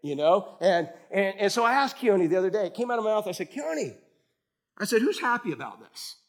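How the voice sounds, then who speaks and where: A man preaching a sermon in a conversational way, quizzing the congregation and swinging between loud and soft. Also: sits high, animated, fast talker. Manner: asks the congregation questions. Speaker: pastor.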